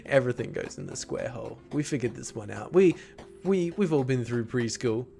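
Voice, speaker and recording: Playful man, gaming livestream host, lively up-and-down voice. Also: mid-range voice, fairly quick, creaky, soft background music. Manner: playful, jokey, chatty with viewers. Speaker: streamer.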